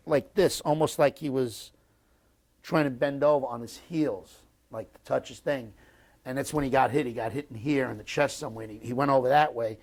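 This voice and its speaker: An American man in his sixties, a war veteran recounting memories in an oral history interview. He talks bluntly, swears often, and stops and restarts his sentences. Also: medium pitch. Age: 60s. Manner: halting and blunt, with frequent restarts and profanity.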